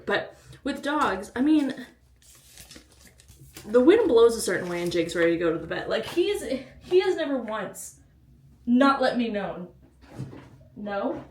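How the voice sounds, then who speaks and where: A woman's voice: a little high, big pitch swings, normal speed, long pauses, darkish tone, slight background noise. Girl with a little lisp rambling to her vlog camera, anxious and chatty. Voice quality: slight lisp. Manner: chatty, anxious, self-interrupting. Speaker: book vlogger. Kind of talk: casual vlog chat.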